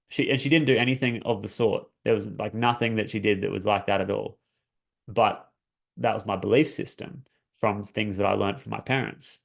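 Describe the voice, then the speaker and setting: A man's voice: fairly low pitch, vocal fry. A man coaching his listeners, telling a personal story in an earnest, searching way, often restarting his phrases. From Australia. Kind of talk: reflective personal talk.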